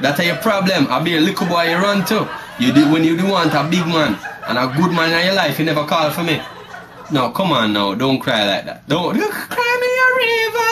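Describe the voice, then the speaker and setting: A man's voice: a little high, heavy background noise. A man speaking Jamaican patois in a comic phone-call sketch, laughing and teasing as he talks. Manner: laughing, teasing, swooping delivery. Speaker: comedic prank caller. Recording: loud music behind.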